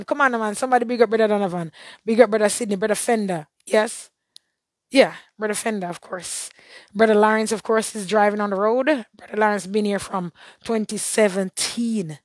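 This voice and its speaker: A hoarse woman hosting a live stream, giving churchy blessings and greeting viewers one by one. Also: mid-range voice, steady tone, normal speed, dry recording. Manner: warm churchy blessings and shout-outs. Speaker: livestream host.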